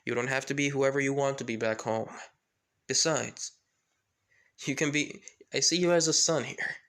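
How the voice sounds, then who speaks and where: A man voicing a kind, warm middle-aged father who speaks gently and reassuringly, a little lower than his own voice. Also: moderate pace, natural voice. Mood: comforting.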